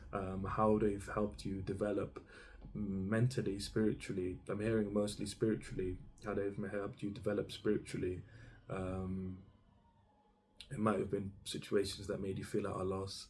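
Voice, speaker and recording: A man with a low, slightly mellow voice gives an intuitive tarot reading, addressing the listener directly as "you." He meanders and hesitates, with lots of ums and restarts, and there's slight background noise.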